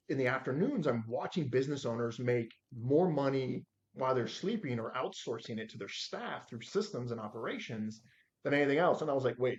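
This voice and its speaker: A man in his forties telling stories as a podcast guest, acting out the quotes with lively shifts in voice. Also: mid-range voice, highs cut off. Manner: animated storyteller acting out his own quotes. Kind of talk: storytelling in a podcast interview.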